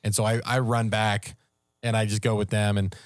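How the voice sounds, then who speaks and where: A man, a podcast co-host, telling a story in casual, animated talk and raising his voice at the tense moments. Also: fairly low pitch, moderate pace, dry recording, clean studio sound. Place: podcast studio.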